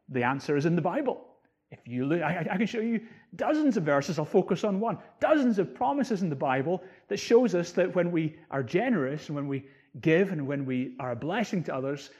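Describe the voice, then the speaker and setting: Man, pastor, sermon, emphatic, explains scripture verses, somewhat high-pitched. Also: a little mellow, breathy edge. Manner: emphatic preaching, voice rising on key words.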